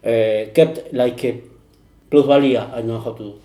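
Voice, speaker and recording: Guy on a footy podcast, warm low-key tone, echoey room, lots of uhs. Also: steady tone, moderate pace. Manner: hesitant, searches for words. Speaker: podcast panelist. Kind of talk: casual football chat.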